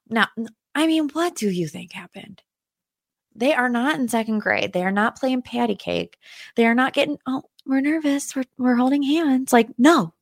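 A woman talks through a reality show reunion in a chatty, animated podcast recap and slips in sassy asides. Her voice sits at a middle pitch. The sound is dry and close, with no room around it. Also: no echo. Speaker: podcast host.

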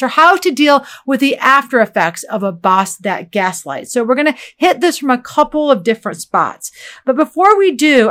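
A woman's voice: a little high, fairly bright tone. A middle-aged woman co-hosting a podcast, talking emphatically and laughing easily in casual chat. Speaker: podcast co-host.

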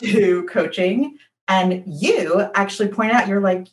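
A woman guest on a podcast who talks in an outspoken, animated way and laughs often while telling stories. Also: medium pitch, slow. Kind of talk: casual chat. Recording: roomy echo.

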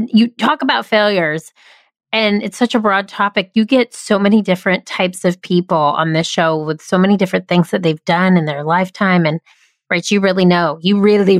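A woman's voice: lowish voice, no room sound. A woman hosting a podcast, chatting enthusiastically with frequent restarts. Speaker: podcast host. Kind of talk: casual podcast chat.

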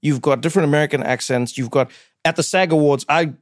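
A man hosts a casual interview and keeps the questions coming with eager, chatty energy. His voice sits a little high for a man. The recording is dry and close. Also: fast talker, no room sound. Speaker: talk show host.

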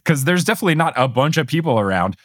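A man co-hosting a casual podcast, recapping a cartoon episode with animated storytelling and chuckling asides. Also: on the high side, rapid-fire, dry recording, clean studio sound. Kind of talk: casual chat.

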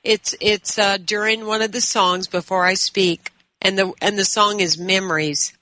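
A woman interviewer asks questions and tells an anecdote in a bright, crisp voice. The recording is close and dry, with no room sound. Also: mid-range voice, fairly even intonation, normal speed, no room sound. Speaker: interview host. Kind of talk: conversational interview.

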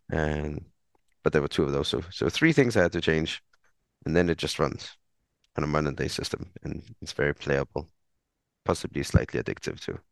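Low smooth-voiced man, halting and thoughtful. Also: dry recording. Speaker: podcast panelist. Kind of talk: casual technical chat.

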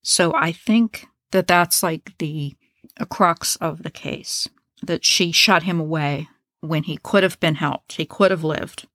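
Low-voiced woman narrating true crime. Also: slow pace, fairly bright tone, dry recording. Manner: blunt, opinionated, swears in asides. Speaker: true crime podcast host.

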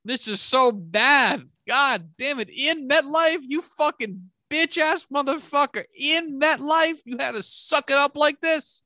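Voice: high voice, unhurried, hardly any pauses, pushed and bright, dry recording. A sports fan delivering a furious, profane, sarcastic rant about their football team. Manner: exasperated, sarcastic.

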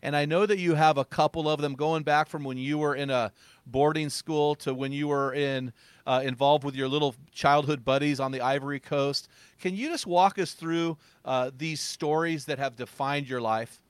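A man hosting an interview, asking gentle, measured questions. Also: fairly high pitch, fairly even intonation, smooth, no room sound. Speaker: interview host.

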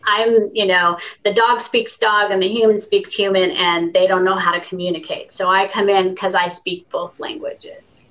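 A woman's voice: mid-range voice, level tone, moderate pace, few pauses, fairly bright tone, low-quality recording. Earnest woman telling heartfelt stories. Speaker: animal communicator podcast guest. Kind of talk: conversational interview.

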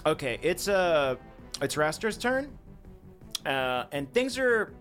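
A man's voice: a little high, big pitch swings, takes it slowly, a bit bright. A young man running a tabletop game as game master, casual and hesitant with lots of ums and self-corrections. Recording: faint background music.

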